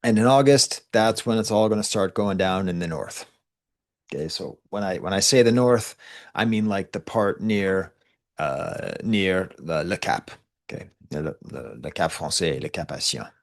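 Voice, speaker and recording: A man's voice: on the low side, lively intonation, a little slow. A man who is a college professor, giving a recorded class lecture in a conversational, digressive way with frequent asides and restarts.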